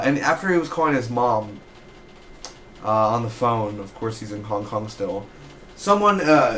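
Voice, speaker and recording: A man giving a casual, excitable spoken review of a TV episode, rambling with fillers as he recaps. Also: lowish voice, a little hiss or hum.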